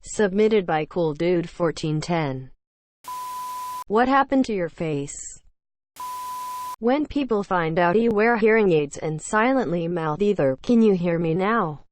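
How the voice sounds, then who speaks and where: A woman's voice: fairly low pitch, expressive, slow, a little mellow. A woman reading forum posts aloud in a dry, matter-of-fact scripted narration.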